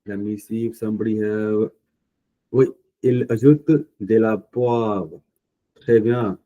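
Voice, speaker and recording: A man with an Indian English accent teaching a French class online, speaking slowly and patiently, thinking aloud and correcting himself. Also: lowish voice, mellow, low-quality recording. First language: Punjabi. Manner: slow, patient, thinking aloud with many fillers; self-correcting mid-sentence.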